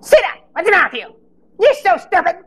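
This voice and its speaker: A man voicing a harsh inner critic that yells insults, in a sermon. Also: very animated, fast, full character voice. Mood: berating. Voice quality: shrill, berating.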